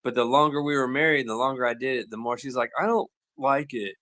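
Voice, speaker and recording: A man's voice: mid-range voice, steady tone, rapid-fire, sharp tone. Laid-back man chuckling through chat. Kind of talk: casual chat.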